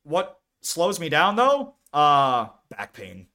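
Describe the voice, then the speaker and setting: A man's voice: on the high side, huge pitch swings, takes it slowly, sharp tone. A young American man co-hosting a casual podcast, chatting in a laid-back, rambling way and laughing often. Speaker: podcast co-host. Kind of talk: casual chat.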